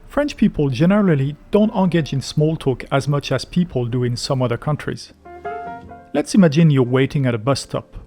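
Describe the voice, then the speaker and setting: A man hosting a travel video, giving scripted narration in a lively, explanatory way with faint music behind. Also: medium pitch, normal speed.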